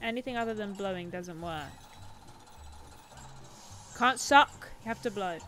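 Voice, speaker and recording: A woman's voice: medium pitch, measured pace, fairly bright tone, soft background music. A woman hosting a game livestream, joking and bantering with her chat in casual let's-play commentary. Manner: playful, jokey, bantering with chat. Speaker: streamer and show host.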